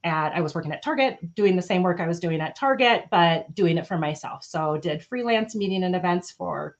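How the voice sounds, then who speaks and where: A woman in her forties talks in a bubbly, chatty way, laughing easily as she tells her story. Her voice sits a little low, and she comes through a video call. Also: expressive, normal speed, muffled recording. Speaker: guest life coach. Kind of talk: casual livestream chat.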